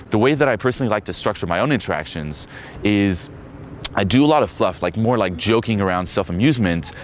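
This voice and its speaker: A man's voice: low-pitched, a little hiss or hum. A man coaching a seminar in a brash, teasing way, acting out bits of dialogue. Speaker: dating coach. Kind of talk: seminar talk.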